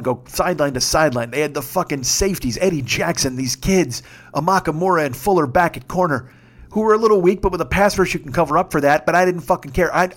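A man in his fifties telling a story in a casual podcast monologue, swearing freely and shouting when he gets worked up. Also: fairly high pitch. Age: 50s. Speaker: podcast host.

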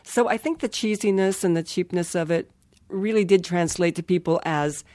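A woman's voice: lowish voice, normal speed, warm tone, no room sound. An older woman chatting as a guest in an interview, playful and self-mocking, laughing often. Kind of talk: casual interview chat.

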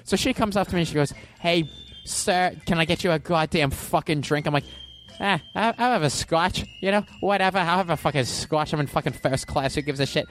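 A man's voice: on the high side, fairly quick, slight background noise, natural voice. A man doing an impression of an angry middle-aged male comedian who rants and curses every few words. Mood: ranting. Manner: loud profane ranting, cursing every few words. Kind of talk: comic impression.

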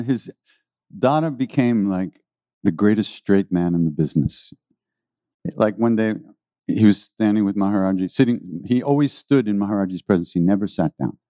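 A man telling rambling, animated stories to an audience as a spiritual teacher, often laughing. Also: low voice, no echo, dull audio. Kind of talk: storytelling talk to an audience.

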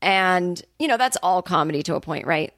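A woman with a lowish speaking voice tells a long, rambling story with profane, sarcastic asides. The sound is dry and close, with no room around her. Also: no echo. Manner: animated storyteller, quick asides. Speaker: comedian podcast host. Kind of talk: casual solo monologue.

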